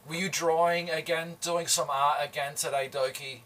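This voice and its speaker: A livestream host from Adelaide, with a slight Australian accent and a fairly high-pitched voice, chats casually with viewers while he cooks. He's slow, relaxed and chatty, greeting people as they come in. His voice sounds somewhat far from the mic.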